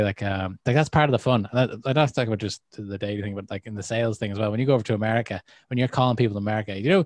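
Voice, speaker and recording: An Irish man co-hosting a podcast, chatting casually and telling stories with animated quoted voices. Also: medium pitch, no echo. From Ireland. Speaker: podcast co-host.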